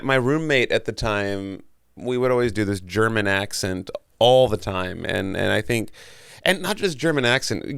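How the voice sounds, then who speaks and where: A man's voice: on the low side, clean tone, no echo. A man chatting as a guest in an interview, rambling with many restarts and casual swearing. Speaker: guest, comedian and voice actor.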